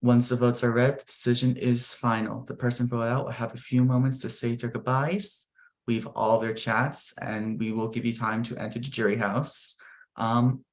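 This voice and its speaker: A man's voice: mid-range voice, flat delivery. Man hosting and reading out votes. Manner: measured, announcing votes one by one. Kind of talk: online game show hosting.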